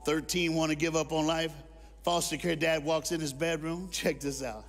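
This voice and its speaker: Preacher guy in church, kinda high voice, shouts then goes quiet, faint music behind. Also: steady tone, normal speed, creaky. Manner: preaching call-and-response to a congregation; dramatic, swings from shouting to hushed storytelling. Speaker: guest speaker. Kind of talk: sermon. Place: church service.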